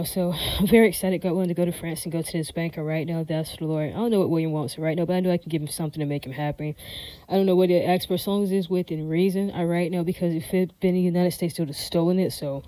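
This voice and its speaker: A woman's voice: lowish voice, steady tone, fast talker, dark tone, no room sound, poor audio. A woman vlogger talking straight to her viewers in a rambling monologue, emphatic and defiant, looping back to the same catchphrases and checks for agreement. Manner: emphatic, repeats "all right, now" and "does that make sense?"; defiant, insistent tone. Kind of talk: rambling direct-to-camera monologue.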